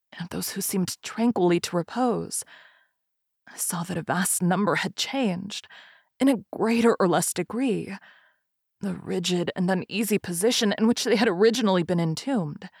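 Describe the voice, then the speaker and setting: A woman reads a gothic tale aloud in a slow, grave, measured way. Her voice sits at a middle pitch. The sound is dry and close, with no echo. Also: husky. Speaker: reader. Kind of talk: dramatic reading of a gothic tale.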